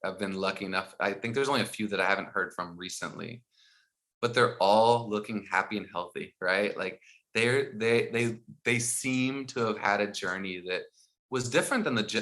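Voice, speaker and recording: A middle-aged man telling animated stories as a podcast guest, acting out dialogue and laughing as he goes. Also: on the low side, moderate pace. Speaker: guest, founder of a school mindfulness program. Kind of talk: storytelling in a podcast interview.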